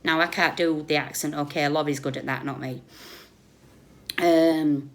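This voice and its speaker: A British woman ranting on a live stream, blunt and sarcastic, scolding someone by turns loudly and under her breath. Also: sits low, steady tone, unhurried. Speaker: YouTube commentator.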